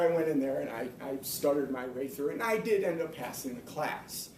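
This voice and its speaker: A man giving a personal, earnest motivational talk to a live audience, slowing down to stress his main points. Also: expressive, a loud crowd. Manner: earnest, emphatic, slows down to stress key points. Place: hall or room before an audience. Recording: echoey room, speaker far from mic, faint rumble.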